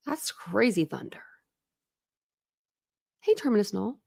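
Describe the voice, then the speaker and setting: A woman's voice: fairly low pitch, normal speed, gravelly, pauses often, dry recording, clean studio sound. A woman reading a book aloud at home on a live stream, stopping often to chat, laugh and stumble over hard words. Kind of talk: casual live book read-through with commentary. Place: home room during a thunderstorm.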